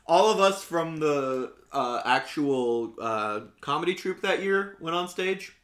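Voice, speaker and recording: A man's voice: on the high side, animated, unhurried, a bit bright. Man telling a story in an echoey room. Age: young adult. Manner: rambling storyteller, many "uh" fillers. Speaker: podcast co-host. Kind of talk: casual chat. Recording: roomy echo.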